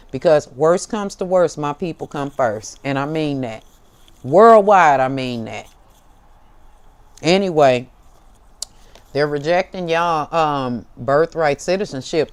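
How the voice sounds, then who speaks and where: A woman's voice: lowish voice, clear, resonant tone. An American woman hosting a tarot show, giving a fiery, profane, preachy monologue to camera and calling her listeners baby. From United States. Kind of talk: impassioned direct-to-camera monologue.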